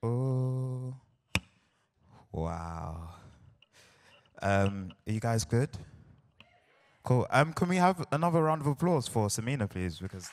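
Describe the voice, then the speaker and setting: Performing spoken word before a crowd in a big hall, this young South London man jokes around with his listeners in an animated way, taking his time and pausing often. His voice is mid-range, and the live hall recording has long reverb and slight background noise.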